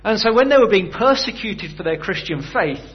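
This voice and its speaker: A man's voice: sits high, animated, moderate pace, muffled recording. A man preaching a sermon in a conversational way, often putting rhetorical questions to his listeners.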